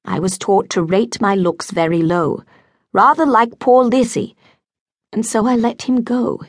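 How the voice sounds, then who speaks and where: A woman voicing a gentle older spinster governess in an audiobook, earnest and pleading. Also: fairly high pitch, fairly even intonation, a little slow, no room sound, studio quality, pitched above the performer's own voice.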